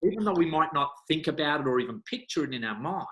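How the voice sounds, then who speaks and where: Speaking fast, the male hypnotherapist guest tells stories with animation in a conversational interview, his bright voice leaping in pitch as he performs different characters.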